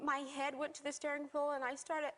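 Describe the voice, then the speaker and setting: A woman giving an emotional personal account in an interview, soft-spoken and halting, often repeating herself. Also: sits high, level tone.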